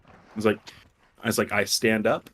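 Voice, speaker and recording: A man's voice: fairly low pitch, little pitch movement, brisk, fairly bright tone, husky. A young man co-hosting a casual stream chat, rambling and laughing often, swearing freely as he tells a game story. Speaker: stream co-host.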